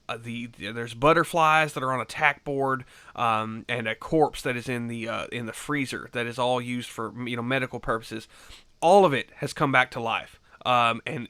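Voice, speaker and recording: A man's voice: mid-range voice, pushed and bright, clear, resonant tone, no room sound. A man giving a casual film review, rambling through the plot with lots of fillers and swearing. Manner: loose rambling retelling full of fillers and swearing.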